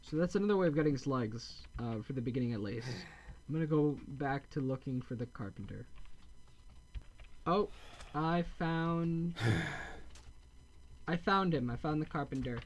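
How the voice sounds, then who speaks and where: A man giving casual gameplay commentary, rambling and correcting himself, with deadpan dark jokes. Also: fairly high pitch, measured pace, long pauses, lo-fi sound. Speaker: gameplay video host.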